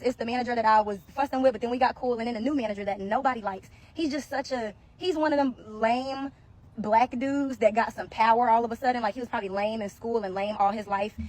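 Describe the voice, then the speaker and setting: A woman who used to work as a security guard, telling a casual story to the camera and acting out what other people said. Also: on the high side. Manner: animated, acts out other people's lines.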